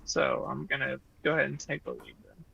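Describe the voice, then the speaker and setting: A man's voice: mid-range voice, fairly even intonation, a little fast, vocal fry, dull audio, slight background noise. A man playing a tabletop game, eager and decisive as he declares his actions. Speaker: player. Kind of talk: casual tabletop play.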